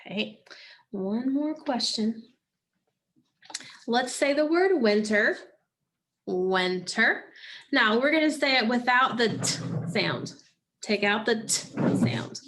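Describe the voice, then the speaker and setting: Woman teacher, slightly high voice, slow and patient, leading a phonics drill. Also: a bit bright, a little hiss or hum. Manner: slow, patient prompting with pauses for answers. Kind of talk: phonics lesson to children.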